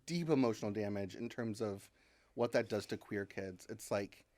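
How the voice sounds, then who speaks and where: A woman from Kentucky, a comedian and writer, talking as a podcast guest in casual chat. She is animated and self-deprecating, laughs often, and uses many fillers. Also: very deep voice, moderate pace, no echo. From Kentucky, USA. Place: podcast studio.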